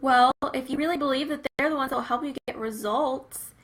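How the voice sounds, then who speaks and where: A woman's voice: high-pitched, brisk, fairly bright tone, rough recording. A young woman giving an earnest, casual talk about faith and business, with many fillers and a conversational manner. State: briefly teary-eyed. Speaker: Christian business coach.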